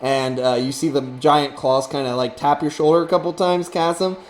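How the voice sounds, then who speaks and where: A man's voice: fairly high pitch, fairly even intonation, moderate pace, slight background noise. A man narrating as game master, rambling with many fillers.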